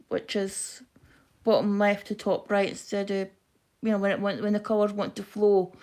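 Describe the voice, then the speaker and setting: A woman with a broad Scottish accent chatting quickly and casually to viewers on a live craft stream while she stitches. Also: medium pitch, gravelly, darkish tone. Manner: quick-talking, chatty, self-deprecating. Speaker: craft livestream host.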